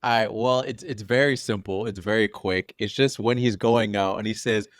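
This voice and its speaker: Young male podcast co-host, lowish voice, dry sound, easygoing and agreeable, chuckles a lot. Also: normal speed, no echo. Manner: relaxed, agreeable, chuckles often. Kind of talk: casual film discussion.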